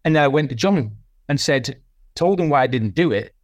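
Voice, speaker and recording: A man's voice: medium pitch, animated, normal speed, no room sound, clean studio sound. A man, a sales leader guest, talks through his experience in a rambling, self-reflective way with many restarts. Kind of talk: casual podcast interview.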